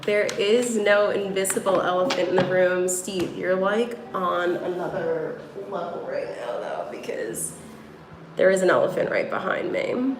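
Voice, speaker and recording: Speaking in a fairly low voice at normal speed with few pauses, a woman with a New York accent livestreams from her room at home as a tarot reader. She rambles casually to viewers with lots of fillers. The low-quality recording is echoey, with music underneath.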